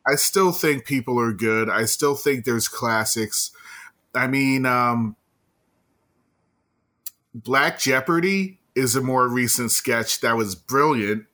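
Slow deadpan Jersey comic, man. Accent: New Jersey. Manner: deep deadpan comic delivery. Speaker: podcast guest. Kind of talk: casual chat.

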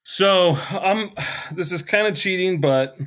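A man's voice: high-pitched, slow pace, fairly bright tone. A man chatting as a podcast guest, giggly and jokey, going off on rambling comic rants. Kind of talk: casual chat.

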